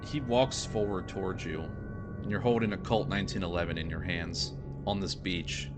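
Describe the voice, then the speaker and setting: A man serving as game master, narrating a tabletop role-playing scene in a measured, descriptive way. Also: sits low, fairly even intonation. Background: background music.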